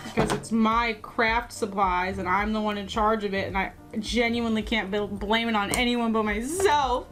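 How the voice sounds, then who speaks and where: A woman's voice: mid-range voice, normal speed, hardly any pauses, music in the background. A woman chatting through a casual crafting vlog, joking and teasing herself as she works. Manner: chatty and self-mocking. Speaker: craft vlogger.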